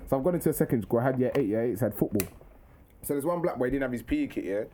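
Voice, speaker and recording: A young man telling animated stories in casual podcast chat, slang-heavy and quick to laugh. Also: mid-range voice, a little hiss or hum. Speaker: podcast host.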